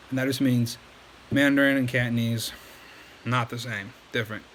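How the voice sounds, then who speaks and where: A man giving a relaxed, chatty language lesson, full of fillers and restarts. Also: medium pitch, normal speed. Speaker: language teacher. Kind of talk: casual explanatory lesson.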